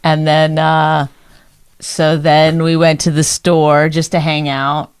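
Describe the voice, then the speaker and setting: A woman's voice: deep voice, flat delivery, slow pace, clear, resonant tone, no echo. Sarcastic teasing comedian woman. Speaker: comedian podcast co-host. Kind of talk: casual comedic banter.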